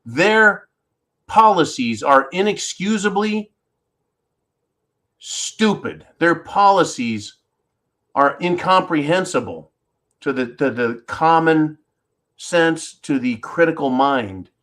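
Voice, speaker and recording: A man's voice: on the high side, animated, slow pace, long pauses, fairly bright tone. A man hosting a solo commentary show, talking in an indignant, emphatic way and repeating words when stirred up. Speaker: political commentary host.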